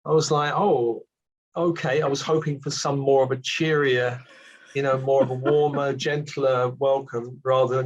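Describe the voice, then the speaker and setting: A British man in his sixties, a reflective guest telling his story with gentle self-deprecating asides. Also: mid-range voice, fairly even intonation, normal speed. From Britain. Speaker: award recipient guest. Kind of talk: reflective casual conversation. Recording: dull muffled lo-fi audio.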